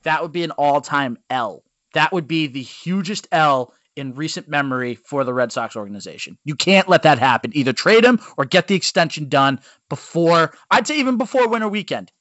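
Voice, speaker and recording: A man, a youth baseball coach guesting on a podcast, telling stories in blunt, animated sports chat. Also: fairly high pitch, a little fast, no room sound. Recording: dull lo-fi dry sound.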